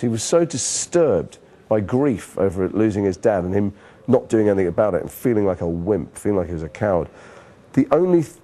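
A man from Liverpool, England, an actor telling lively anecdotes in an interview, often restarting his sentences. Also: lowish voice. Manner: animated storyteller, frequent restarts. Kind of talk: candid anecdotal interview talk.

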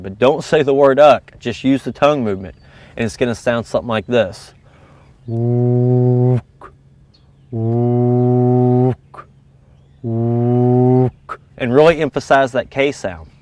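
A man's voice: mid-range voice, no echo. A man teaching goose calling in a casual, step-by-step coaching manner. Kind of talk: instructional video lesson.

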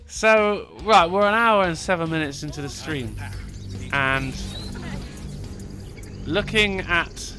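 A man streaming a video game, chatting with viewers, excitable and swearing, yelling when things go wrong. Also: fairly high pitch, slow pace, long pauses, soft background music. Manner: excitable, sweary, yells in panic. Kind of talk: live game commentary.

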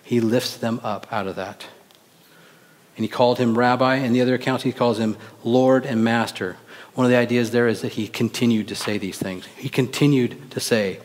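A man's voice: mid-range voice, moderate pace. Man preaching in a reverberant church. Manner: animated, acts out quoted voices, rhetorical questions to the congregation. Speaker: pastor. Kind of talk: sermon. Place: church sanctuary. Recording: long reverb of a church hall.

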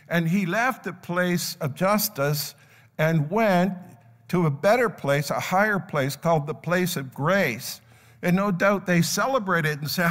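An older man preaching to a live congregation acts out the characters in a parable, his voice sitting high, a bit bright, and a little slow. Long reverb from the church sanctuary surrounds his sermon.

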